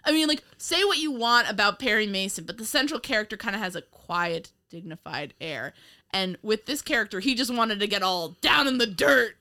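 A woman's voice: mid-range voice, lively intonation, fairly quick, bright, forceful tone. A woman co-hosting a casual chat about an old TV show, rambling and giggling often. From United States. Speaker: podcast co-host.

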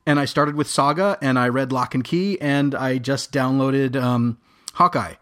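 Halting, chuckling man on a podcast. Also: medium pitch, fairly even intonation, a bit bright. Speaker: guest panelist. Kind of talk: casual chat.

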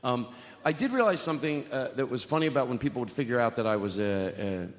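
A man's voice: medium pitch, expressive, fast talker. A man hosting a live comedy podcast, rambling and profane, laughing often on stage at a podcast festival. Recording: roomy live venue with noise.

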